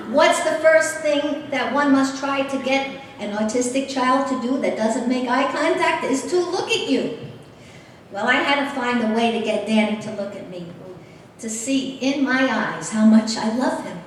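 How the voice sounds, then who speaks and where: A middle-aged woman giving a speech as a guest speaker, telling a personal story with lively, animated delivery. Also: high-pitched, a little hiss or hum. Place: large convention hall. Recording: echoey hall heard from far off.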